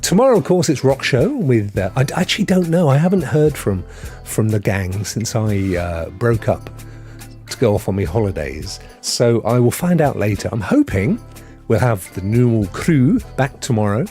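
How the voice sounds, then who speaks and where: A man's voice: mid-range voice, big pitch swings, moderate pace, warm tone, faint music behind. A man hosting a live stream, chatting casually and answering viewers in the chat. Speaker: streaming host.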